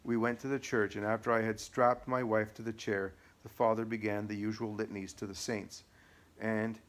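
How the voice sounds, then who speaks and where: A man narrating an audiobook in a measured, matter-of-fact way. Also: lowish voice, level tone. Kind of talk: audiobook reading.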